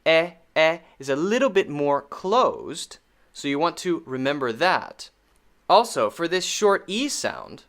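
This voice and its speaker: A man with an American accent teaching pronunciation in a recorded lesson, speaking deliberately and repeating vowel sounds to demonstrate them. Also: fairly high pitch, fairly bright tone.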